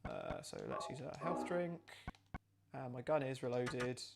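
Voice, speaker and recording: A man's voice: mid-range voice, huge pitch swings, unhurried, creaky, heavy background noise. A man streaming a game live, chatting as he plays, thinking aloud and reading out chat messages and donations. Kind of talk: live game playthrough commentary.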